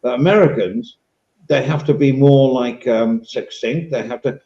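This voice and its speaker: A man's voice: medium pitch, measured pace, gravelly, mellow, roomy sound, highs cut off. An English man hosting a casual podcast chat, rambling and swearing now and then. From England. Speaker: podcast host.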